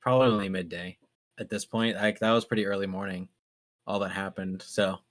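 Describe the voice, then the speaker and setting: A man narrating as game master in a casual tabletop game, with relaxed and hesitant phrasing. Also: low voice, a little fast.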